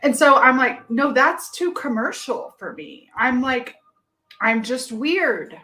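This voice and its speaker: Woman coach, casual podcast talk, lively and profane, slightly high pitch. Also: a little slow. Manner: animated, swears freely, laughs often.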